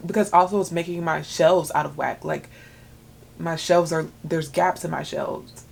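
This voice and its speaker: A woman in her thirties vlogging about books at home in a chatty, excitable way, full of filler words. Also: low voice, unhurried, vocal fry. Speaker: book vlogger. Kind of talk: casual chat.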